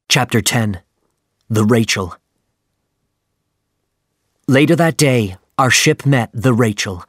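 A man reading a story aloud in the first person with steady scripted narration. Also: fairly low pitch, dry recording, studio quality. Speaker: audiobook narrator.

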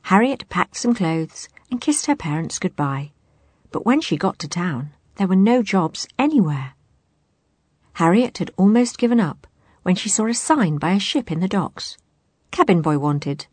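A woman narrating a children's storybook aloud in an expressive, animated way. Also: mid-range voice, normal speed, slightly rough, no room sound.

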